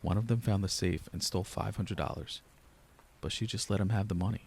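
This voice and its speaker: Young guy telling a creepy story, lowish voice, lots of gravel and fry. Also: fairly quick. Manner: low-key, steady first-person storytelling. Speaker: narrator. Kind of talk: scripted horror narration.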